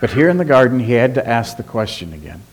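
A man preaching a sermon as pastor, emphatic, asking rhetorical questions and slowing down on key words. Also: medium pitch, sing-song, a little hiss or hum.

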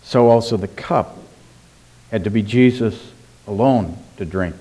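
A man preaching a sermon as pastor, emphatic, asking rhetorical questions and slowing down on key words. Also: on the low side, dark tone, husky.

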